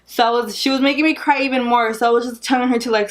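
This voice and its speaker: Chatty young woman vlogging, slightly high voice. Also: racing. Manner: chatty, animated, laughs often, says "like" a lot. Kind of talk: casual storytelling vlog.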